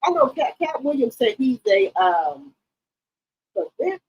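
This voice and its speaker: Loud, profane woman gossip host. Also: sits high, big pitch swings, a little slow, slightly rough, muffled recording. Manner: loud, profane, emphatic hype; talks straight to her chat viewers. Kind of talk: casual reality-TV commentary.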